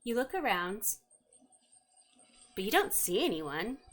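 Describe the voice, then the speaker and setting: A woman's voice: mid-range voice, big pitch swings, slow, a bit bright, a little hiss or hum. A woman narrating a tabletop game as game master, with wry asides to the players.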